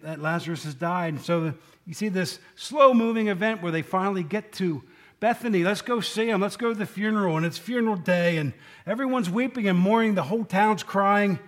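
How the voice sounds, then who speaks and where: A man gives a relaxed, conversational sermon with a fairly high voice. He talks to his listeners by name, asks them questions and slips into the quoted speech as he retells the story. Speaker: preacher. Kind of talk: casual sermon.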